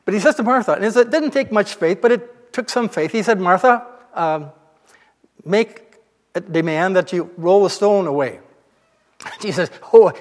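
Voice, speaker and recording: A man's voice: high voice, animated, normal speed, big-room sound. A male pastor giving a sermon, retelling scripture as a casual, conversational story.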